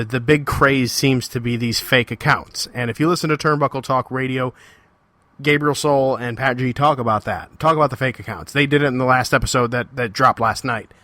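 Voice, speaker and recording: Male podcast host, bright voice, dry close sound, ranting solo and repeating himself for emphasis. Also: mid-range voice, dry recording. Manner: heated, confrontational ranting; repetitive, emphatic phrasing.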